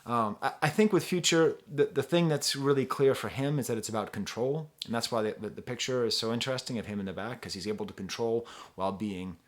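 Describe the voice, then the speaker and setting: A male music reviewer talking casually to camera in a relaxed vlog style. He wanders off on tangents and chuckles now and then, with an ordinary mid-range voice. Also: medium pitch, fairly quick, few pauses.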